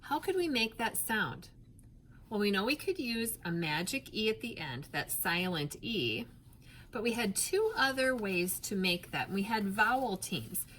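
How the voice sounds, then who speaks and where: A woman teaching a phonics lesson to young children, patient and clear, stretching out sounds and spelling letters one by one. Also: medium pitch, very animated, a little slow, a bit bright, a little hiss or hum.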